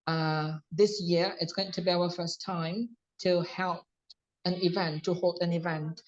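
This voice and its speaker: A man's voice: high-pitched, level tone, measured pace. Polite Indonesian man on a muffled call. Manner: polite, eager, many fillers. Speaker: English course teacher, host. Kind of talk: casual video call interview. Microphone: video call. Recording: dull muffled call audio.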